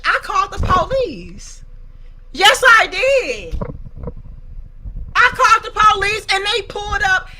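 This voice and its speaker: A woman's voice: high-pitched, bright, forceful tone, slight background noise, poor audio. A young woman host giving casual, profane commentary on viewer comments and telling dramatic stories.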